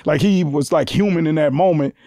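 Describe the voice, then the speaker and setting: A man's voice: brisk, no room sound, studio quality. A man guest on a podcast telling a story in a casual way, acting out the voices of the people in it and swearing freely. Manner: animated, acts out quoted voices with big pitch jumps, swears freely.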